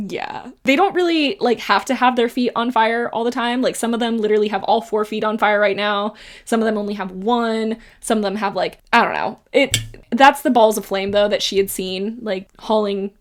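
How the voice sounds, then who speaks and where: A woman's voice: mid-range voice, normal speed. A woman hosting a book channel, giving a chatty, casual recap of a novel, with lots of "like" fillers and frequent laughs.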